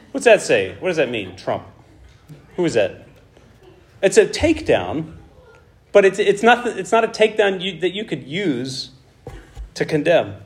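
A man preaching a conversational Bible teaching, who acts out the dialogue with animated asides. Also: a little high.

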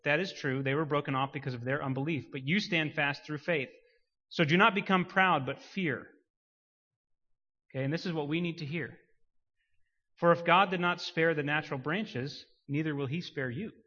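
A man preaching a sermon, swinging from quiet emphasis to loud, rising declarations. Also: fairly high pitch, moderate pace. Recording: muffled sound with long hall reverb.

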